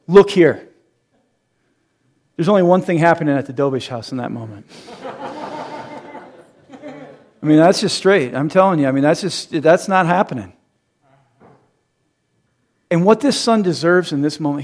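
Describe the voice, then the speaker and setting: A pastor in his thirties delivers an animated sermon in a fairly high voice. He acts out the people he quotes and laughs at his own jokes.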